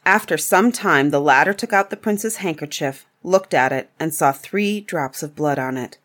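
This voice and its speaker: A woman reading a fairy tale aloud in a calm, measured storybook narration. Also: deep voice.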